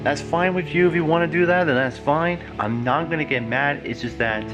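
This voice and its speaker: A man's voice: on the high side, a little fast, muffled recording, over music. Rambling, earnest young man vlogging. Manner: rambling, earnest, lots of fillers. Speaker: YouTuber. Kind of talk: casual vlog talk.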